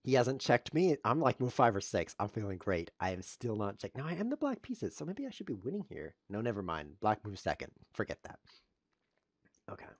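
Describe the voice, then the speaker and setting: Here a man with a fairly low voice talks a little fast as he plays online chess and commentates live. He jokes dryly at his own expense and yelps when a move goes wrong. The recording is clean studio sound with no room noise.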